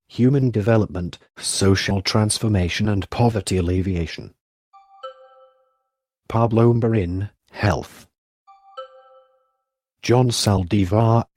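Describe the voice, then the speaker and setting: Man reading an official listing, music under. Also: on the low side. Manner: flat formal recitation of names and titles. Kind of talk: scripted reading of a government listing.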